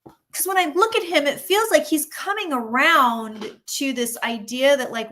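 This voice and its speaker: A woman psychic chatting casually on a tarot livestream, chatty and animated, often acting out what people say. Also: high-pitched, a little slow.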